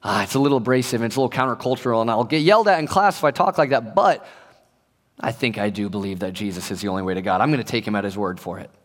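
A man's voice: lowish voice, very fast, in a large hall. A young man preaching a casual sermon to a youth group, chatty and joking, acting out the voices he quotes. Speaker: pastor.

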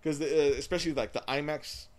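A man's voice: fairly high pitch, fairly even intonation, fast talker. A man co-hosting a casual chat show, rambling with many restarts and frequent laughter. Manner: rambling, laughs often, repeats words. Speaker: podcast co-host.

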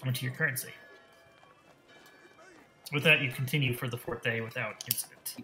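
A man's voice: mid-range voice, steady tone, moderate pace, pushed and bright, soft background music. A man narrating a tabletop game as game master, rambling and correcting himself with lots of fillers.

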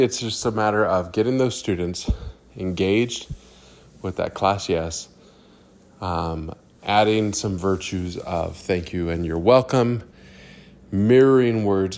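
A man's voice: low-pitched, a little mellow. A man who teaches third grade, talking casually about classroom methods in a loose, rambling way with plenty of fillers.

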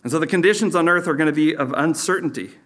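A man's voice: a little high, quick pace, fairly bright tone. A man preaching a sermon as pastor, teaching in a conversational way with sarcastic asides.

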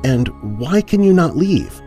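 A man's voice: on the high side, very animated, unhurried, mellow, faint music behind, pitched above the performer's own voice. A man voicing a bold, blunt young girl in a raised voice. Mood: sharp.

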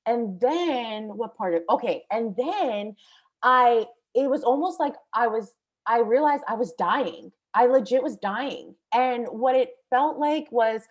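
Young female vlogger, slightly high voice, casual storytelling full of fillers. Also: unhurried. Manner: breathless, animated, many fillers; swears casually.

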